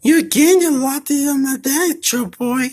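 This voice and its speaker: A performer voicing a teasing, bossy young princess in toy play-acting, with a very high squeaky voice and mocking sing-song taunts. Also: moderate pace, a little mellow, close to an everyday voice. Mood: taunting.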